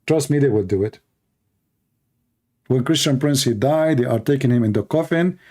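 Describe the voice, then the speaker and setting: A man with a mellow, darker voice hosting a livestream. He rants in a sarcastic, mocking tone, often slipping into jeering impressions of others. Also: mid-range voice, normal speed. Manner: mocking, sarcastic, acts out opponents. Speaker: livestream debate host. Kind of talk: casual livestream rant.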